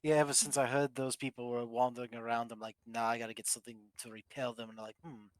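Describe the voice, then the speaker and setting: A woman's voice: rumbling low, flat delivery, fast, no echo, studio quality. A woman chatting in character as a doctor in a roleplay game, rambling with fillers and laughing often. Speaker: roleplay streamer playing a doctor.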